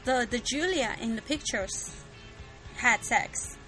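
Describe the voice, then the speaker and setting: A woman's voice: a little high, expressive, slow, over loud music. A woman co-hosting a fan podcast in casual chat, chatty and giggling often. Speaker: podcast co-host.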